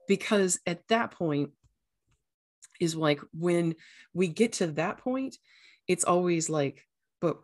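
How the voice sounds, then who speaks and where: Her voice is lowish with a darkish tone as she hosts a laid-back podcast, earnestly coaching listeners and occasionally doing voices. The sound is echoey, like a room.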